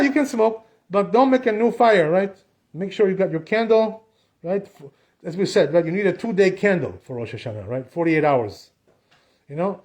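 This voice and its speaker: Man, rabbi, high voice, casual class in a synagogue, chatty, lots of "you know". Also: darkish tone.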